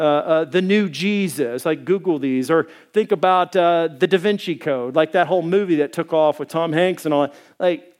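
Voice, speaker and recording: A man from Arkansas preaching a conversational, animated sermon as the church's pastor. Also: on the high side.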